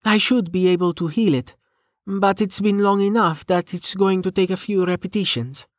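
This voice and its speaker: A man voicing a brisk woman healer who speaks in a matter-of-fact way. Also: high voice, no room sound, studio quality, pitched above the performer's own voice, close to an everyday voice.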